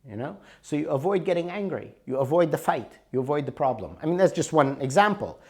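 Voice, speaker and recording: A middle-aged man teaches a workshop in a conversational, storytelling style, his fairly high voice animated and brisk, with emphasis rising and falling and hardly any pauses. This is a recorded workshop talk.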